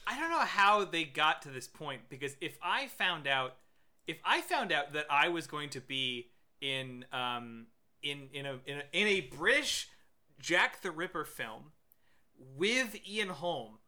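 Bright-voiced halting male co-host. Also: a little high, expressive. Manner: halting, searching for words. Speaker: podcast co-host. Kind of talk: casual podcast chat.

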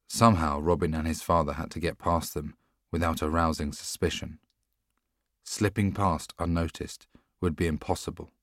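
Deep-voiced man narrating a storybook. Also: no room sound, studio quality. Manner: measured, steady storytelling. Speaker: audiobook narrator. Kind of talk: scripted narration.

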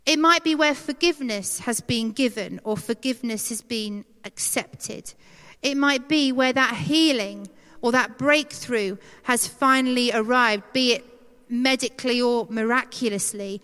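A woman preaching a conversational, animated sermon, acting out quoted voices. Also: high voice, smooth. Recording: long hall reverb.

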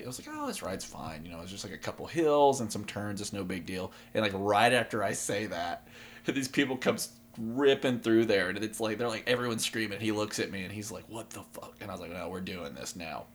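A man's voice: fairly low pitch, a little fast, slight background noise. A young man, co-hosting a podcast and telling stories in a laid-back way, laughing often. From East Tennessee. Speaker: podcast co-host. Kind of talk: casual chat.

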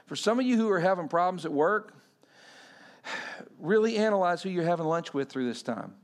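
A pastor giving a sermon in a conversational way, often quizzing the congregation. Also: male voice, high-pitched, expressive, a little fast.

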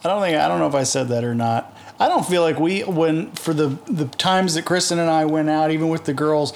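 A man's voice: fairly high pitch, a little fast, gravelly. Laid-back man with a mild Southern accent. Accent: Southern American, mild. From American South. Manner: rambling, jokey storytelling. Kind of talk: casual chat.

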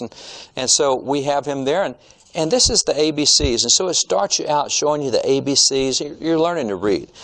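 Middle-aged male speaker, emphatic lecture tone, reads from old books. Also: medium pitch. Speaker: Christian history speaker. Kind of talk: informal lecture. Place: room with shelves of old textbooks.

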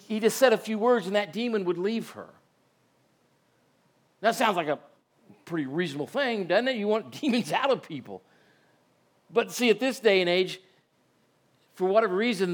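A man preaching a sermon in a church, folksy and conversational, often asking the congregation rhetorical questions. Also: sits high. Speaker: pastor.

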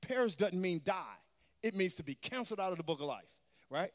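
A woman's voice: on the low side, animated, a little fast. A woman preaching a sermon, emphatic, calling out for responses from the congregation. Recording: long hall reverb.

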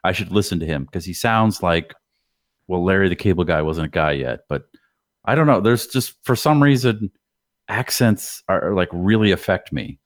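A low-pitched middle-aged man from New England talks loosely on a podcast, circling back and restarting his sentences. The sound is close and dry. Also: animated, normal speed, no echo. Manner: rambling, restarts often. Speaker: podcast host. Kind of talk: casual podcast chat.

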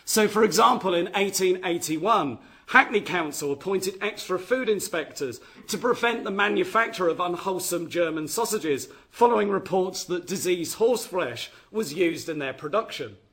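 A man's voice: high voice, lively intonation, normal speed, hardly any pauses, a bit bright. A man giving an academic history lecture, reading from his notes and often restarting his phrases. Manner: reads from notes with frequent restarts.

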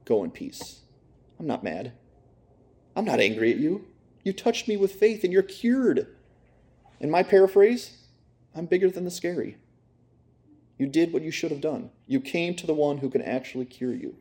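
A man voicing a gentle, reassuring male teacher figure, soft and calm. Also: a little high, normal speed, pauses often, voice pushed up, natural voice.

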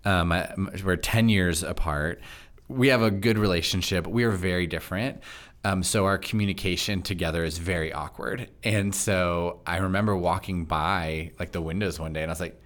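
Fast-talking man with a very deep voice. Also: a bit bright. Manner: fast-talking, chatty and laughing. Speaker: pastor and podcast host. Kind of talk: casual interview conversation.

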